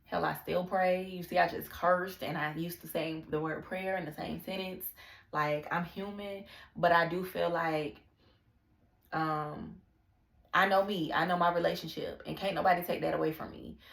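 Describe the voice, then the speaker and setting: A woman's voice: on the low side, fairly even intonation, normal speed, creaky, reverberant. A young woman talking candidly in a casual personal vlog, confiding and full of slang and fillers. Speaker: vlogger.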